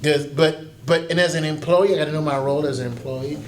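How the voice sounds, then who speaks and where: A man in his fifties speaks as a pastor leading a conference workshop, with a voice pitched a little above most men. He tells folksy stories and acts out the people he quotes. The room is echoey, with faint background noise. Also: brisk.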